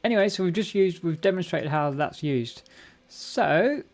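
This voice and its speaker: Gravelly man thinking aloud while coding. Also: high-pitched, lively intonation, normal speed, a little mellow. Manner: thinks aloud, corrects himself mid-sentence. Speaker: live-stream host learning a programming language. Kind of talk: casual live coding walkthrough. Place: home room at a computer. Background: keyboard typing and clicks.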